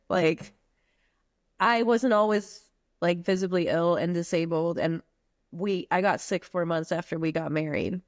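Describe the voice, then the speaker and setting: A woman's voice: lowish voice, animated, a little slow, no room sound. Woman guest from the U.S. Virgin Islands, candid and heartfelt, casual slang, dry close sound. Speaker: podcast guest. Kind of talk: candid personal conversation.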